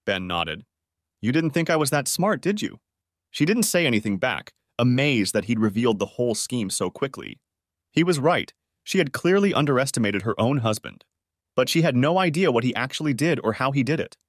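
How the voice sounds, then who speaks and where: A man narrating a dramatic audiobook story in a steady storytelling manner. His pitch sits mid-range but moves with lively rises and falls, and the close recording is dry and free of room echo. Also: brisk.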